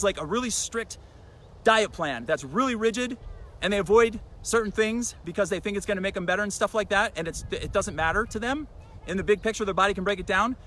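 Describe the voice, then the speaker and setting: A man with a fairly high voice talks fast and emphatically, rambling from point to point like a fitness vlogger preaching to his viewers. He is outdoors, with faint traffic and street sounds behind him. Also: sharp tone, poor audio. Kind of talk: casual talking-to-camera vlog.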